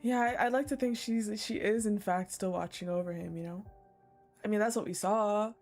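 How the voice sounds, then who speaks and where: A woman's voice: medium pitch, normal speed, darkish tone, soft background music. A woman game streamer reading a story aloud and reacting emotionally, close to tears.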